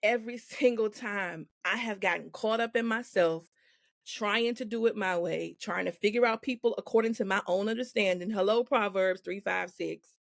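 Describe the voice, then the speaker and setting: Laughing, animated woman guest. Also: mid-range voice, normal speed, gravelly, no room sound, clean studio sound. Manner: laughs often, acts out quoted voices. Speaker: podcast guest. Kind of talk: casual faith chat.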